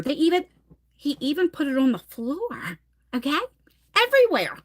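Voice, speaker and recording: Woman, forties, live-stream host, lively storyteller, slightly higher voice, casual cursing. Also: normal speed. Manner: animated, dramatic storytelling, swears casually. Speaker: livestream host. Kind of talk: casual live-stream chat reading comments.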